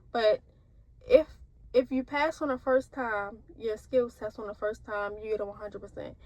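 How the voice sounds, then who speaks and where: A woman's voice: on the high side, rough recording. A young woman nursing student, rambling casually to camera with lots of fillers and restarts. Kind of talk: casual vlog talk.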